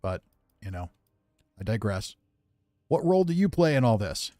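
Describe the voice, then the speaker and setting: Grumpy low-voiced gaming streamer man. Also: sing-song, moderate pace, dark tone, no echo, studio quality. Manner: grumpy, offhand, reads chat aloud. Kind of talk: casual gameplay commentary.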